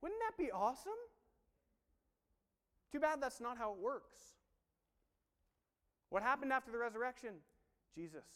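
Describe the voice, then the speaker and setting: Animated high-voiced male preacher. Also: in a large hall. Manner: animated, acts out dialogue in voices, swings from quiet to shouting. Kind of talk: sermon.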